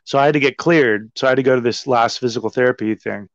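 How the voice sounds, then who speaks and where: A man guest telling a story in a casual, animated and profane way, full of "like". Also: mid-range voice, quick pace, no room sound. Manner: animated, profane, heavy use of "like". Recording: slightly dull, dry sound.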